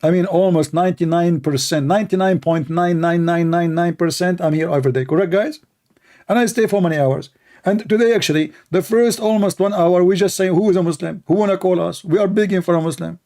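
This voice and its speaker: A man hosting a live call-in debate stream, talking in a heated, mocking way, his voice hoarse from shouting. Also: sits high, brisk.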